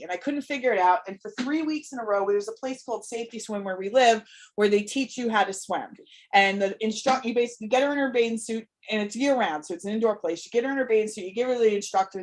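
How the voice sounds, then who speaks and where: A woman in her thirties hosting a live Q&A as a parenting coach, talking candidly and emotionally, swearing freely and checking in with "right?". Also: a little high. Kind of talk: casual live-stream talk.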